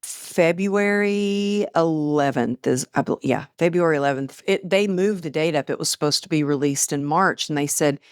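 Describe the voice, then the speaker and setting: Woman guest, middle-aged, low-ish voice, animated storyteller who acts out dialogue, dry close mic. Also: normal speed, few pauses, clean tone, no room sound. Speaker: podcast guest, author. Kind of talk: casual storytelling interview.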